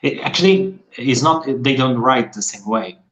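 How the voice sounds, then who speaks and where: A man's voice: mid-range voice, lively intonation, normal speed, fairly bright tone, poor audio. A young man from Portugal, chatting casually in English with a playful, joking manner. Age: young adult. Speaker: conversation partner.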